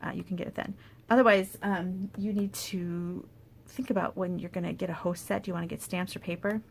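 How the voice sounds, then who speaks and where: A woman demonstrating paper crafts in a casual tutorial, chatty and thinking aloud with soft asides under her breath. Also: fairly low pitch, fairly even intonation, brisk, vocal fry, a little hiss or hum.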